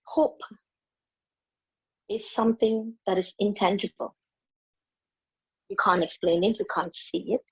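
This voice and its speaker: A woman's voice: mid-range voice, fairly even intonation, unhurried, long pauses, breathy edge, dull audio. A woman, giving a motivational speech and telling stories expressively, acting out her own inner voice. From Malaysia. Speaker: invited speaker, public speaking teacher.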